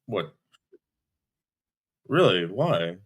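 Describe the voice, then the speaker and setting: A man's voice: low voice, sing-song, extremely slow, husky. A man arguing defensively on a live stream, repeating himself, restarting his sentences and swearing. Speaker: livestream guest. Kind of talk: heated argument on a live stream.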